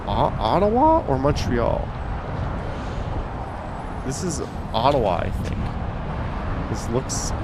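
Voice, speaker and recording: A man hosting a casual live stream, joking and reading out viewer comments. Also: mid-range voice. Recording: loud street crowd and traffic noise.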